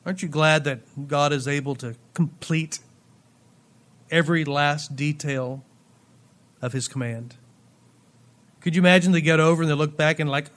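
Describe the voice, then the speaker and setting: A high-voiced pastor delivers a sermon to his congregation at a moderate pace with long pauses. He reads scripture aloud, then slips into playful asides, swinging between loud emphasis and quiet, dropped endings.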